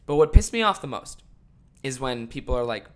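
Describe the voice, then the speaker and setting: A young man hosting a podcast, ranting casually and swearing a lot, swinging from mumbled asides to loud exasperated outbursts. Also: mid-range voice, expressive, a little fast. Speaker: podcast host.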